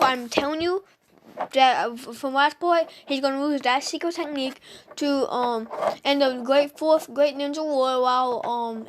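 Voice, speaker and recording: Chatting directly to her audience, a woman casually recounts a fan story, stumbling with plenty of "um"s and restarts. Her voice is high-pitched, and there is background noise.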